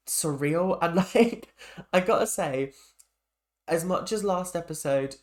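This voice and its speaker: A young man giving a rambling, chatty reaction to a reality show, full of fillers and restarts. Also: fairly high pitch. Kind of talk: casual opinion rant.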